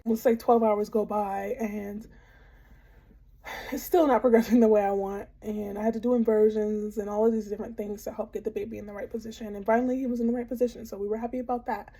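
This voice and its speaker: A woman's voice: mid-range voice, level tone, fast talker, dark tone, breathy edge. A woman in her thirties candidly telling a personal story in a heartfelt monologue, with frequent fillers.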